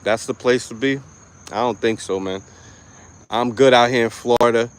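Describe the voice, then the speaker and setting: A man ranting to camera in a profane, mocking vlog, angry and loud. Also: mid-range voice, steady tone, moderate pace, slight background noise. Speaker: vlogger. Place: lives in Florida.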